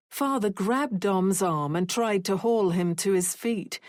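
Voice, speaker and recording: Unhurried female audiobook reader, mid-pitched, dry close recording. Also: darkish tone, no echo. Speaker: audiobook narrator. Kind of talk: audiobook narration.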